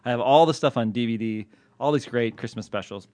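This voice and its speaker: A man hosts a podcast in loose, playful banter at a medium pitch. He jokes at his own expense and laughs easily. The sound is dry and close to the mic. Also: a little fast, darkish tone, no echo. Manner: jokey, self-mocking, laughs often. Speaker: podcast host. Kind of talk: casual banter.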